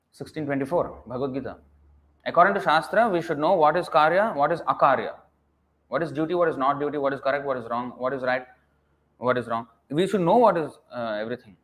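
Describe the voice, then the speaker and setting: A man's voice: on the high side, expressive, fast, a bit bright. A man giving a scripture lecture as a preacher, emphatic and scolding, firing rhetorical questions and dropping to a mutter at phrase ends.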